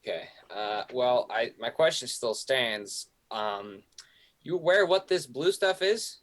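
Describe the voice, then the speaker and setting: A man playing a character in a tabletop role-play, with an insistent, deadpan and sometimes flustered manner. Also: medium pitch, slow pace. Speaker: player.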